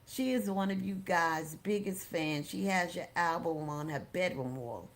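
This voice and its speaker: A woman voicing a friendly adult man, a vendor and father, speaking politely and quickly in an audiobook reading. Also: fairly low pitch.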